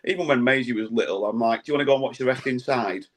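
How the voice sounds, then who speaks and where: A man hosting a casual football podcast, reading out listener comments with dry, relaxed asides. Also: medium pitch, racing. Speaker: podcast host.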